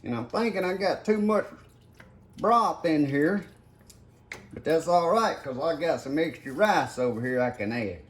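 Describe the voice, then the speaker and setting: An older man with a drawl and a fairly high voice talks through a home cooking demonstration. He keeps it folksy and addresses his viewers directly. A faint sizzle of frying and pots clatters behind him. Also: lively intonation, unhurried, slight background noise. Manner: folksy, talks to viewers as "guys" while working. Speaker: home cook. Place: home kitchen.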